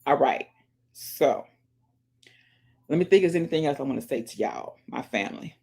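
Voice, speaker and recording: A woman vlogger with a bass voice, slightly rough and full of vocal fry, talks expressively at a moderate pace. While listening to music through earphones, she chats casually, gives emphatic shout-outs, and keeps addressing viewers as "y'all." She urges them in a preachy way to pray and support others.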